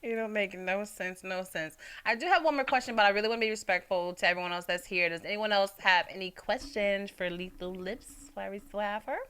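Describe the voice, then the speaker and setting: A woman radio host interviewing an artist in a relaxed, encouraging way. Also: mid-range voice, clean tone. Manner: encouraging, agreeable, quick to laugh. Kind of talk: casual interview.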